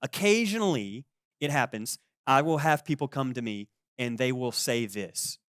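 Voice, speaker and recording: A man in his forties preaching a sermon as pastor, conversational and lively, acting out the people he quotes. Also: medium pitch, moderate pace, no echo, studio quality. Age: 40s. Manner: conversational, animated, acts out quoted voices.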